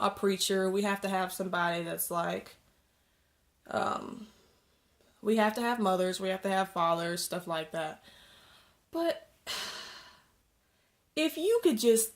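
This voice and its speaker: A young woman vlogging in a casual, rambling rant with sarcastic asides. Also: mid-range voice. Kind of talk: casual ranting vlog.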